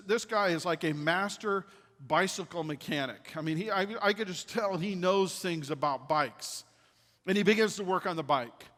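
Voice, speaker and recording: A man delivering a storytelling sermon with a slightly raised pitch. His voice carries a long reverb in a church hall. He is animated and drops to a hush when quoting others. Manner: animated, drops to a hushed voice for quoted lines. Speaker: pastor. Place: church sanctuary.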